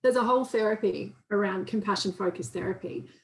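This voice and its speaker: A woman's voice: mid-range voice, fairly quick, echoey room, low-quality recording. A woman counsellor giving an informal, conversational training talk and acting out inner voices in quotes. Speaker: counsellor and guest speaker.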